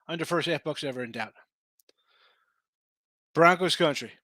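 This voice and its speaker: A man's voice: fairly high pitch, normal speed, sharp tone, no room sound. A man hosting a live sports betting show, tired and losing his voice, chatting casually about point spreads and answering viewers in the chat.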